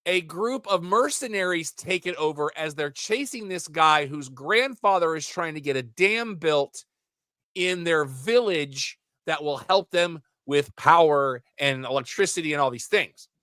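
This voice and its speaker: A man co-hosting a casual podcast, rambling through animated movie recaps with side comments. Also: fairly high pitch, unhurried, no echo, studio quality. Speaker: podcast co-host.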